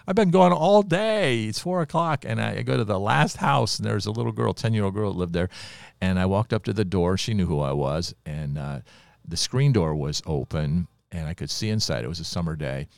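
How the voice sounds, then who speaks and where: A man from Ohio telling a personal testimony on a podcast, in an animated storytelling manner and chuckling often. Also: low voice, brisk, gravelly, no echo. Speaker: preacher sharing his testimony.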